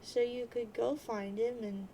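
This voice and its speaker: A woman voicing a patient, guilt-ridden teenage girl who hushes and soothes. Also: on the high side, fairly even intonation, measured pace, slight background noise, poor audio. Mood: soothing. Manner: soothing, hushing.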